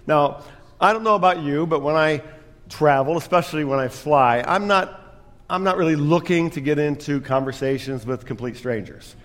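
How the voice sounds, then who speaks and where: A man's voice: a little high, moderate pace, fairly bright tone, in a large hall. A man preaching a sermon as pastor, telling a story with self-deprecating humor.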